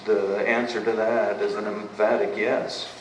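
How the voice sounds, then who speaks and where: Low-voiced pastor preaching in an echoey church. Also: male voice, flat delivery, a little slow. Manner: emphatic, asks and answers rhetorical questions. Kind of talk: sermon. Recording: echoey room, mic at a distance, faint background noise.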